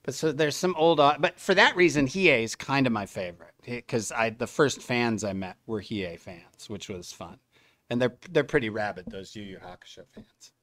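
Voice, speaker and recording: A middle-aged man, a voice actor, telling stories to a convention audience in an animated way, acting out the other people's lines. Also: mid-range voice, normal speed. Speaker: voice actor at a fan convention panel. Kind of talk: anecdotal storytelling to a live audience.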